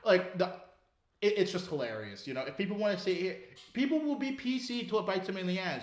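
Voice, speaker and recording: Loud ranting man in an echoey room. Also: high-pitched, animated, fairly quick, soft background music. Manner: profane ranting, laughs and mimics others. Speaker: podcast co-host. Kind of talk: casual chat.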